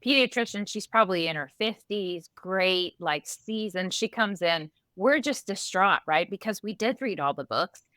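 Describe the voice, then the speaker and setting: A woman, a mother, telling stories as a podcast guest in an animated way, laughing often. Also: mid-range voice, normal speed, hardly any pauses, no room sound, clean studio sound. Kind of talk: casual storytelling.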